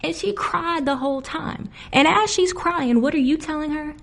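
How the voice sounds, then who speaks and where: A woman hosting a music podcast alone, talking in a casual, animated way, laughing often and getting indignant. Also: sits high, normal speed, creaky. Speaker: podcast host. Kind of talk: casual solo podcast commentary.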